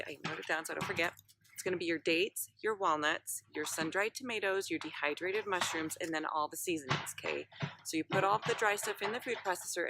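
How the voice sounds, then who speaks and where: A woman's voice: sits low, sharp tone, no room sound. A woman recipe vlogger talking in a bubbly, chatty way, with lots of fillers, explaining a recipe step by step. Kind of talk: casual cooking chat.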